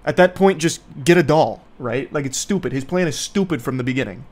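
A man's voice: a little high, a little fast. A young man giving casual, sarcastic movie commentary in a rambling, mocking way. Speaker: YouTube commentator.

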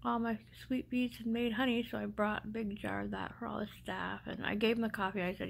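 Gravelly middle-aged woman talking toothless. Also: mid-range voice, flat delivery, brisk, few pauses, slight background noise, low-quality recording. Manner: emotional, rambling, often drops to a whisper. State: speaking without teeth after extractions. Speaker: vlogger. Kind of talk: personal storytelling vlog.

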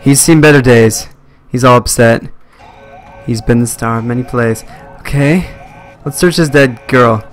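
A man's voice: medium pitch, measured pace, long pauses, faint music behind. A young man commentating a live horror game stream, jumpy and swearing at scares. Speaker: let's play streamer.

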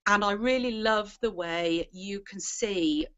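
A woman's voice: mid-range voice, slow, fairly bright tone, smooth. A woman gives a chatty, self-deprecating testimonial in a casual online hangout. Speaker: guest marketer. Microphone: video call. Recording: dull lo-fi web call audio.

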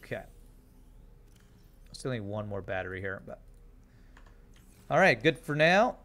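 A man streaming a game, thinking out loud and chatting to his viewers in a casual way. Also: lowish voice, sing-song, a little slow. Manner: thinks aloud, chats to viewers. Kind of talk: casual live-stream gameplay commentary.

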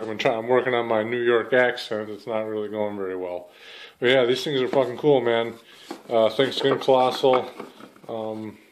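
Man, casual unboxing vlog, relaxed, rambling, casual swearing, mid-pitched voice. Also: slight background noise, rough recording. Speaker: channel host.

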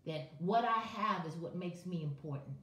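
A woman's voice: on the low side, lively intonation, moderate pace, a bit bright, roomy sound, far from the mic. A woman preaching to her viewers on a morning live stream, impassioned and conversational, calling on people by name. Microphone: webcam or phone on a live video.

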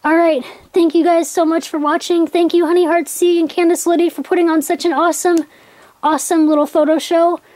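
A young woman unboxing a package on her vlog, gushing and rambling with excitement. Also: extremely high pitch, brisk. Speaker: vlogger.

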